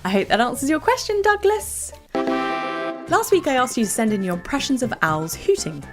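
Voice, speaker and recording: A woman with a British accent hosting a children's educational podcast, telling facts in a bright storytelling way. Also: high voice, normal speed, over music. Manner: bright, animated, storytelling to kids. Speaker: podcast host.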